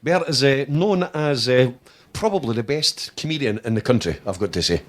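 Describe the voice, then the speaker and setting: A man's voice: mid-range voice, expressive, normal speed. A man with a Scottish accent presenting a local radio show, laughing along in casual banter.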